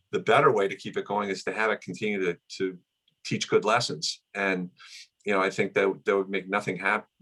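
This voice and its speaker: A man's voice: lowish voice, fairly bright tone. A middle-aged man being interviewed, reminiscing in a casual, rambling way with many restarts. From United States. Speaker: guest, son of the honoree.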